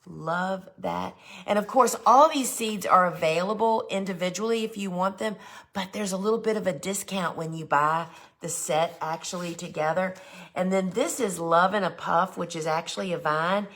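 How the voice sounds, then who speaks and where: On her live flower gardening show, a woman with a lowish, fairly bright voice presents seed sets at a moderate pace. Her casual shopping chat is enthusiastic and sprinkled with "y'all."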